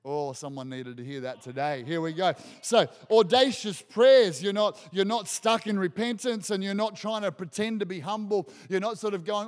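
Preacher, male, high voice, emphatic and repetitive, long hall reverb. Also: measured pace. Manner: emphatic, repeats phrases for effect. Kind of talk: sermon.

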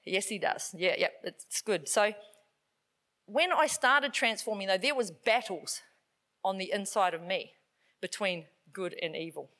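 A woman's voice: mid-range voice, animated, unhurried, fairly bright tone. A woman in her forties with a New Zealand accent, preaching a sermon in a chatty, upbeat way with lots of fillers.

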